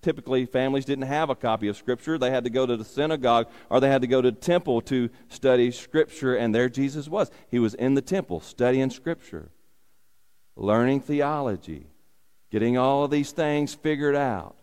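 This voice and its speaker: A man's voice: medium pitch, moderate pace, a little mellow, clean tone. A man preaching a sermon as a pastor, repeating key phrases for emphasis and asking rhetorical questions. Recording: long hall reverb.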